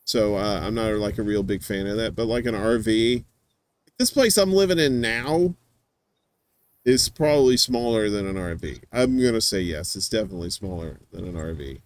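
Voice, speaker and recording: A man's voice: lowish voice, normal speed, slight background noise. A man hosting a show, chatting casually in a rambling, teasing way with lots of fillers and restarts. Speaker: podcast host. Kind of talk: casual chat.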